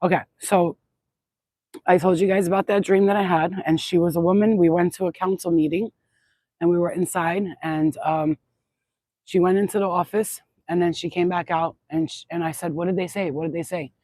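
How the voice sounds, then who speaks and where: A woman's voice: lowish voice, fairly even intonation, moderate pace, warm tone, dry recording, low-quality recording. Woman, casual spiritual vlog, rambling, blunt, swears, phone recording, dry sound. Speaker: channeler. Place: outdoors in a yard.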